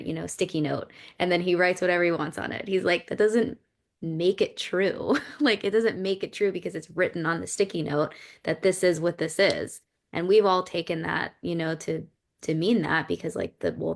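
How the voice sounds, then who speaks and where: A woman's voice: on the low side, gravelly. A woman co-hosting a podcast, talking earnestly and searchingly about her beliefs, with many fillers and restarts. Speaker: podcast co-host. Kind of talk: reflective casual conversation.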